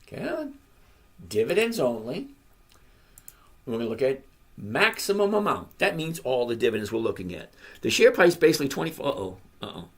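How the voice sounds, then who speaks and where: Sarcastic, lively trading host. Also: medium pitch, moderate pace, long pauses. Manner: sarcastic and mocking, laughs at the numbers; blunt and opinionated. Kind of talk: screen-share market commentary.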